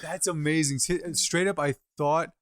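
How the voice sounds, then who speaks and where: A young man co-hosting a podcast in casual chat, reacting eagerly and jumping in with quick comments. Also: a little high, fairly even intonation, a bit bright. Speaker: podcast co-host.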